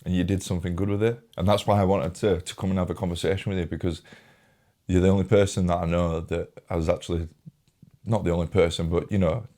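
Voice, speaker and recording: A young man hosting a podcast, talking emotionally in a halting, repetitive way and holding back tears. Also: sits low, level tone, warm tone. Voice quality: informal, swears often, halting and repetitive. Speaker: podcast host. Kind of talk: emotional casual conversation.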